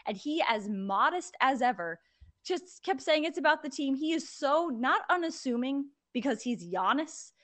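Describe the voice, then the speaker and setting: High-voiced chatty young woman. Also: normal speed. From Connecticut. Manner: animated, opinionated, chatty with fillers. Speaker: sports betting podcast co-host. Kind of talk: casual sports chat.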